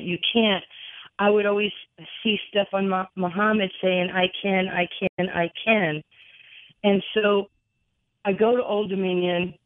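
A middle-aged woman, a radio guest, telling a personal story with many fillers and an earnest, halting way of talking. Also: medium pitch, no room sound. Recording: tinny phone line, dry.

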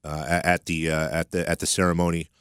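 A man's voice: low voice, monotone, quick pace, fairly bright tone, clear, resonant tone, no echo, clean studio sound. A man hosting a morning radio show, introducing and questioning a guest in a friendly, rambling way. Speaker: radio host.

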